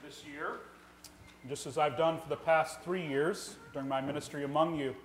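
Earnest pastor preaching a sermon. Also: male voice, fairly high pitch, fairly even intonation, normal speed, a little hiss or hum. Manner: earnest, rhetorical questions, shifts between loud emphasis and quiet. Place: church sanctuary.

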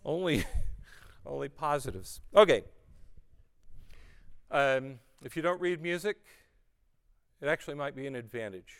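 A man leading a group class on chanting psalms, talking them through the lines in a relaxed, encouraging way. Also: on the high side, measured pace, long pauses, clear, resonant tone. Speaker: music leader teaching psalm singing. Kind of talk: teaching a group to chant psalms, speaking and singing. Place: room with a group of singers.

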